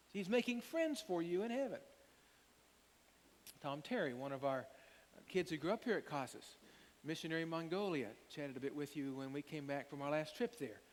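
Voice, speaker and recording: An older man preaching a sermon as pastor, an animated storyteller who acts out the quotes. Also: on the high side. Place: church sanctuary. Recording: long hall reverb, faint hiss.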